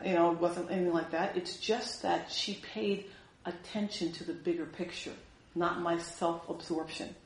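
A woman preaching a sermon in an animated way, acting out the voices she quotes. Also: medium pitch, roomy sound, low-quality recording.

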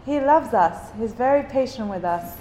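A woman slowly and earnestly encouraging a women's group with a faith talk. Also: fairly high pitch, expressive, warm tone, roomy sound, big-room sound, slight background noise, rough recording.

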